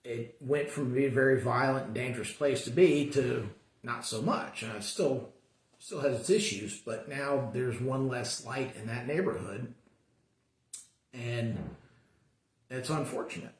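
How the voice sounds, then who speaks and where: A man's voice: mid-range voice, a little slow. A man teaching a Sunday school class, talking casually and earnestly, often restarting his sentences. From American suburbs. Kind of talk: casual Bible class talk. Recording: echoey room.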